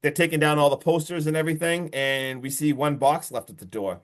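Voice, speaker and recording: Man, podcast host, fairly high voice, excitable, swears a lot, casual plot recap. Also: a little fast. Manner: excitable, profane, recounts plot with swearing and laughs. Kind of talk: casual movie review chat.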